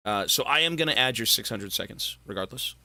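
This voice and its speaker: A man with a hoarse, worn-out voice chatting casually with viewers on a gaming live stream, loose and swearing. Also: medium pitch, expressive, bright, forceful tone, no room sound. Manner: slow, loose, swearing banter. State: hoarse, sore throat. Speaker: gaming livestreamer.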